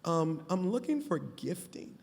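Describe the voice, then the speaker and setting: A man's voice: on the high side, sing-song, unhurried, gravelly, darkish tone, slight background noise. A male pastor speaking on a live conference panel with an emphatic, preacher-like cadence. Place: conference stage before a live audience. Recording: long reverb of a large hall.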